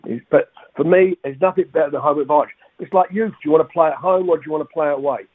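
A man talking quickly and conversationally in a casual chat. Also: on the high side, husky. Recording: tinny phone-like audio, dry.

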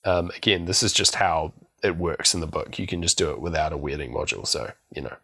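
A man's voice: extremely low pitch, brisk, sharp tone, slightly rough. A man co-hosting a podcast, recapping a film in a rambling, storytelling way and laughing often. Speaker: podcast co-host. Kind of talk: casual film recap chat.

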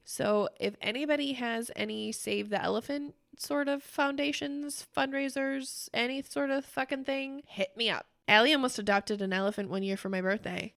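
A young woman co-hosting a casual podcast chat, excitable and swearing casually. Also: medium pitch, vocal fry, clean tone. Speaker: podcast co-host.

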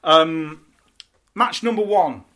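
Bright-voiced man hosting a podcast. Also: a little high, takes it slowly. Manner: chatty, self-mocking, sweary. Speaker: podcast host. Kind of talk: casual comedic chat.

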